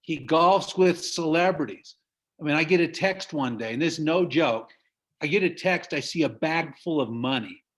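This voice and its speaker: A middle-aged American business trainer gives an emphatic motivational talk over a video call, his fairly high voice lively in intonation and normal in speed. He's preachy and laughs at his own stories.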